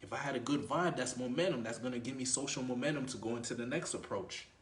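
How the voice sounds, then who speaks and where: A man's voice: mid-range voice, fast talker, reverberant. A man giving casual dating advice, laid-back, swearing freely and acting out both sides of a conversation, recorded in a grocery store. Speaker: dating coach. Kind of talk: casual instructional monologue.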